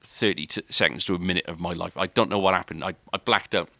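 Fast-talking with vocal fry, a man on a podcast tells a long casual story in a low, pushed, bright voice, rambling with lots of filler and restarts. The clean studio recording has no echo.

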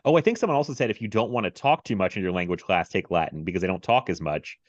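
A man hosting a casual movie podcast, telling stories with laughter and animated bursts. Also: sits low, quick pace. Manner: animated storyteller, laughs often. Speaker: podcast host. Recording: dry, slightly dull sound.

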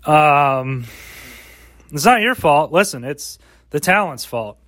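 Guy doing a solo podcast outside, swears a lot, rambly, voice a bit on the high side. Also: expressive, takes it slowly, fairly bright tone, dry recording, clean studio sound. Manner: rambling, profane, mock pep talk. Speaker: podcast host. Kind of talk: casual solo podcast monologue.

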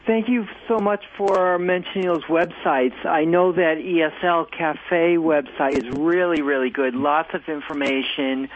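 A man's voice: a little high, unhurried, hardly any pauses. A man calling in to a radio show, chatting in a friendly, appreciative way. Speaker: caller. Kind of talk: call-in chat. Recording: tinny phone line with faint noise.

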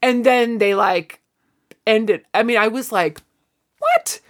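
With a fairly high, unhurried voice, a female podcast co-host chats casually. She recounts scenes and performs the characters' dialogue in quoted voices.

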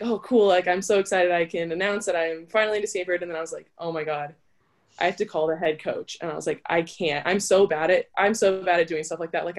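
A young adult woman, an interview guest and college volleyball player, telling her story in a chatty, casual way that is full of "like". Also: lowish voice. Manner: chatty, with frequent filler "like".

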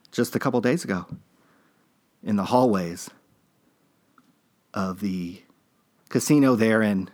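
A man's voice: medium pitch, fairly bright tone. A man hosting a podcast, telling a story in a rambling, laid-back way with many fillers and restarts. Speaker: podcast host. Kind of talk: casual storytelling monologue.

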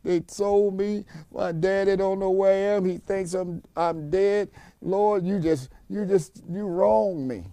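A preacher putting on a pitiful whining young slave. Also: male voice, high voice, slow pace, dark tone, no echo, pitched above the performer's own voice. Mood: self-pitying. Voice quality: whiny, pleading. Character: pitiful self-pitying young male slave.

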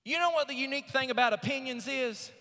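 High, bright-voiced male pastor preaching. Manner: preaching with rising emphatic swells and slow drawn-out scripture reading. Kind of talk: sermon. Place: church sanctuary. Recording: long reverb of a church sanctuary.

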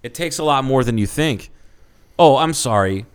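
A man's voice: medium pitch, lively intonation, normal speed, clean tone. A young man co-hosting a podcast, joking crudely and swearing in casual chat. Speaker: podcast co-host.

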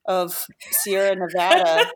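A woman, a guest makeup artist, telling stories in a casual chat, lively and laughing often. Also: medium pitch, takes it slowly. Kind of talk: casual storytelling.

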